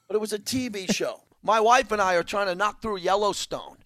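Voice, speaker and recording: A man's voice: high voice, brisk, bright, forceful tone, dry recording, studio quality. A man co-hosting a talk show, rambling enthusiastically about television and his plans. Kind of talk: casual rambling chat.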